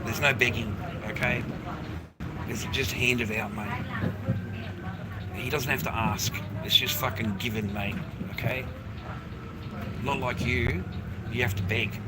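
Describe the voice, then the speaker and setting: Slow and prone to long pauses, this Australian streamer rambles through a city street and onto a bus, cursing often and saying "mate" constantly. His medium-pitched delivery stays fairly even over heavy traffic and street ambience.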